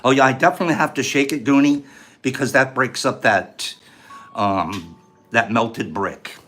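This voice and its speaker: A man with a medium-pitched, somewhat bright voice hosts a casual livestream at a moderate pace. He explains each step of his how-to as he goes and reads viewers' answers aloud in a chatty way.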